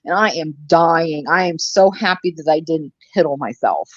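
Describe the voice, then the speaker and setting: This woman's voice is deep and moves at a moderate pace. As a live-stream commentary co-host, she chats casually, wandering through stories and cursing freely, recorded with no room sound on dry, somewhat dull lo-fi audio.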